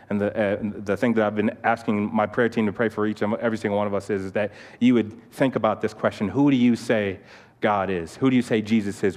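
A man preaching a sermon, telling a personal story with animated restarts and asides, then praying in a quieter tone. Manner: animated storytelling, many restarts, repeats "okay?"; turns soft and low in prayer. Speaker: youth pastor. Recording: long hall reverb.

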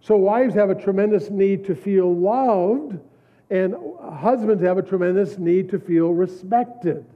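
A man's voice: high-pitched, a little slow. A middle-aged man preaching a sermon, telling stories from his own life with repeated, emphatic phrases and frequent laughs. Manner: storytelling, repetitive emphatic phrasing, laughs often. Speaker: pastor. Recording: tinny phone-like recording.

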